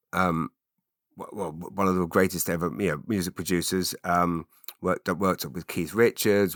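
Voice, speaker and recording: A man's voice: deep voice, a bit bright, no echo, clean studio sound. A middle-aged man, hosting a rambling solo podcast, full of fillers and restarts. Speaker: podcast host. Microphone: studio mic.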